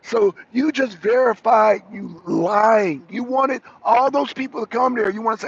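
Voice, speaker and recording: A man's voice: sits high, a little slow, vocal fry, husky. A man co-hosting a political talk show, giving heated, rambling commentary full of restarts and asides. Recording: dull lo-fi audio.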